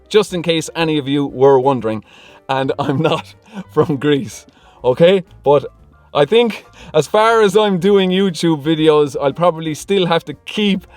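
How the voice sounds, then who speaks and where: A chatty, high-voiced car vlogger from Ireland reads out comments in a casual Q&A vlog. He laughs often between lines, and there is no room sound.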